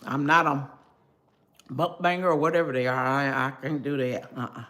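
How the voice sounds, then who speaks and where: An older woman hosts a casual cooking livestream, talking straight to her viewers through a phone in a chatty, homey way. Her voice is a bass, a bit bright, at a moderate pace.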